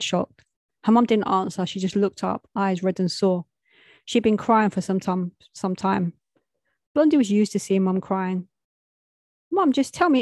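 A woman's voice: medium pitch, a little mellow, no echo. A young adult woman, telling a street story in a plain, matter-of-fact way with street slang.

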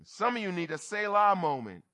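A man preaching a sermon as a bishop, teaching word meanings and often asking "are you with me?", building to loud emphatic passages. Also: sits high, big pitch swings, moderate pace.

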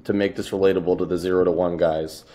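A man's voice: low voice, level tone, fast, mellow. Casual, wry male podcast host. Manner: casual, loose phrasing, sarcastic asides. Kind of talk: podcast interview.

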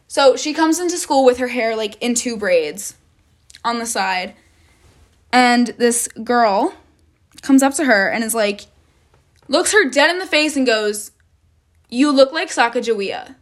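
A woman's voice: fairly high pitch, lively intonation, unhurried, pauses often. A young woman telling a casual storytime vlog, rambling with lots of "like" and frequent swearing. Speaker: vlogger.

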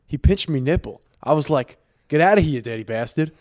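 A man doing an impression of a gruff Australian basketball center with an Australian accent, as a joke in a casual chat. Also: a little high, expressive, fairly quick, a little mellow, lightly acted. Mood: cheeky.

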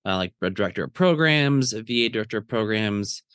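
Easygoing low-voiced male co-host. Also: expressive, fairly quick, a bit bright, smooth, no echo, clean studio sound. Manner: easygoing, with frequent filler "uh". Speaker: podcast co-host. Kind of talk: casual podcast chat.

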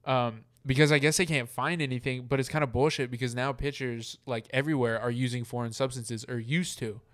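A man's voice: mid-range voice, steady tone, a little fast, a bit bright. A man co-hosting a casual chat podcast, talking loosely with lots of fillers and the odd swear word. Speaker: podcast co-host.

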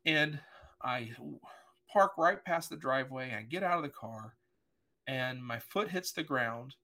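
A middle-aged pastor speaks with a bright, forward edge to his voice. He tells his story earnestly and with feeling, sometimes repeating himself. His pitch stays in an ordinary middle range. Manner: earnest, emotional, vivid retelling with voiced quotes. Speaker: pastor, podcast guest. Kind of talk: personal storytelling in conversation.

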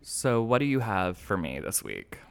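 A young man co-hosting a casual podcast, animated and rambling as he acts out his own dialogue and laughs often. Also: lowish voice, moderate pace, gravelly, smooth. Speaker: podcast co-host. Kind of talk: casual chat.

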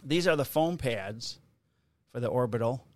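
A man's voice: mid-range voice, lively intonation, unhurried. A man co-hosting a casual podcast, rambling through stories, jokes and a sponsor read. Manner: joking, rambling storyteller. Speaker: podcast co-host. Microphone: studio podcast mic.

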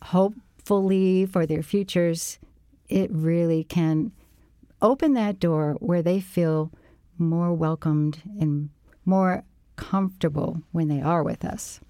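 A middle-aged woman guest speaking gently and reflectively, offering encouragement with frequent pauses to think. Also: lowish voice, dry recording, clean studio sound. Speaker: interview guest, parent support co-founder. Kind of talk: casual conversation.

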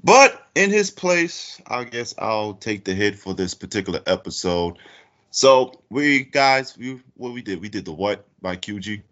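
A man hosting a podcast comedy segment as a mock judge, playful and theatrical, jumping high for emphasis. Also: sing-song, measured pace, a bit bright. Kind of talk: animated casual banter, mock courtroom bit. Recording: dull lo-fi audio.

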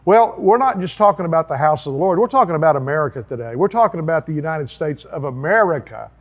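Folksy pastor, slightly high voice. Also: male voice, lively intonation, fast. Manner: folksy, earnest, preachy with asides and chuckles. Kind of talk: sermon-style video talk.

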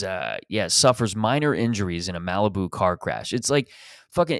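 A man's voice: on the low side, dry recording, studio quality. A man hosting a podcast, riffing in a rambling, profane, sarcastic comedic monologue. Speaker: podcast host.

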